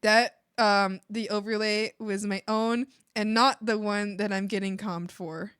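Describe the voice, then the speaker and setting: A woman's voice: medium pitch, fairly even intonation, measured pace, a bit bright, smooth, no room sound, clean studio sound. A young woman streaming while she draws, chatting casually, giggling often and acting out the people she quotes in exaggerated voices. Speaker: streamer and illustrator.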